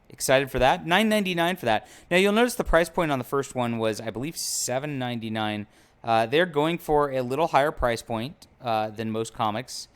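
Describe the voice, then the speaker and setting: An upbeat man talks through new releases in a loose, chatty way, stumbling over names and correcting himself as he goes. His voice is smooth and clear, sitting at an ordinary male pitch. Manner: chatty and upbeat, with frequent fillers and self-corrections. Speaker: comics commentary host. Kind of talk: casual commentary.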